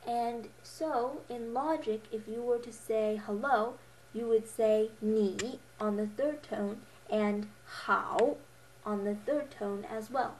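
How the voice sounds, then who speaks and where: A young woman with a slightly high voice teaches a beginner Mandarin lesson, speaking very slowly as she models each tone with patient repeats. She corrects herself now and then with a small laugh. A faint hiss sits under the recording. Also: darkish tone. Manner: self-correcting, a little giggly.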